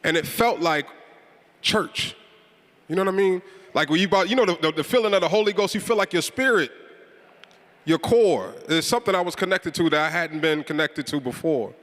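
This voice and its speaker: A man's voice: fairly high pitch, fairly quick, a bit bright. A man from Chicago with a Chicago accent, hosting a live event and rallying the crowd with call-and-response. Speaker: event host. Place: large event hall. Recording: reverberant hall.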